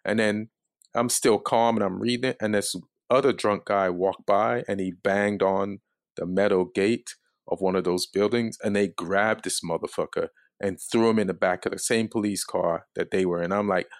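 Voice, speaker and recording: A man with a low voice tells a story casually. His delivery is calm and mostly monotone, and the sound is dry and close. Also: normal speed, dry recording. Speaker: comedian guest.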